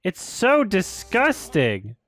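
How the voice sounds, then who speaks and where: A man's voice: wildly swooping pitch, takes it slowly, a bit bright, faint music behind. A man reviewing a film while he edits, ranting in frustration and laughing in disbelief. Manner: frustrated, laughing, pitch jumps up when outraged. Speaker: video reviewer. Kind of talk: exasperated ranting while editing.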